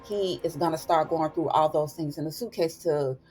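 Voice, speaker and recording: A woman's voice: deep voice, normal speed, darkish tone, soft background music. A woman host casually recapping TV episodes, chatty and folksy, calling listeners "honey" and "child".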